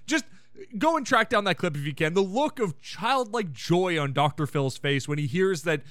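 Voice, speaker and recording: A man's voice: high voice, animated, normal speed, fairly bright tone, dry recording. A man hosting a podcast, giving a casual, irreverent recap of a sitcom episode with sarcastic asides and rants. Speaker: podcast host.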